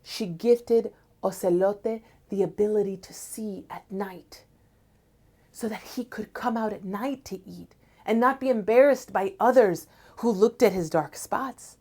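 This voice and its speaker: A woman telling a folktale aloud in an expressive, dramatic way, at times dropping to a hushed tone. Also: medium pitch, measured pace, husky. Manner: expressive, dramatic, drops to soft hushed tones. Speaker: storyteller. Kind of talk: oral folktale storytelling.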